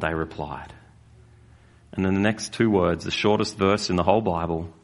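A man preaching a sermon as a pastor, earnest and slowing down to stress key lines. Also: deep voice, fairly even intonation. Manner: earnest, with slow emphatic stresses.

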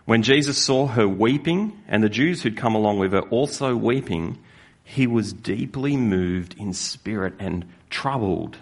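A man preaching a sermon as a pastor, earnest and slowing down to stress key lines. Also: fairly low pitch, expressive. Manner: earnest, with slow emphatic stresses.

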